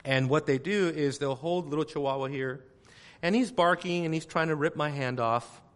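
A man in a church hall delivers a sermon to his congregation. His voice sits a little high for a man, and he preaches emphatically. He drops to quiet asides, then bursts into loud exclamations and hammers his points with repeated phrases. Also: moderate pace.

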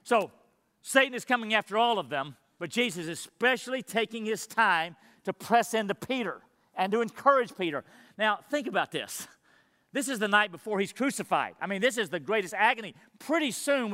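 A high, bright-voiced man delivers an earnest sermon as pastor. He presses his listeners with questions, and his voice rings out through the long reverb of a church hall. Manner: earnest preaching, rhetorical questions.

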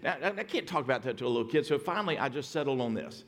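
A man's voice: medium pitch, animated, very fast. Man preaching in a reverberant hall. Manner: storytelling, dynamic swings from hushed to loud emphatic. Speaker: pastor. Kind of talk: sermon.

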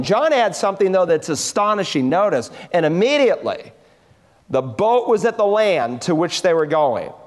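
A man preaching a sermon as pastor, expressive, sinking low and quiet for tender passages. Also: big-room sound.

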